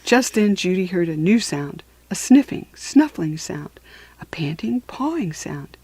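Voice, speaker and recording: A woman reading a children's book aloud, expressive, sometimes dropping to a whisper for suspense. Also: on the low side, a little slow, husky, no room sound.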